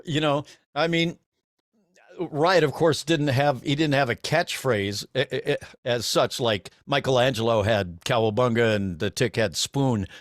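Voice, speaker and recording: A man's voice: medium pitch, measured pace, no echo, studio quality. A middle-aged man, a voice actor, telling stories as a guest on a video call, with many restarts and laughs. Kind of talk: casual convention interview.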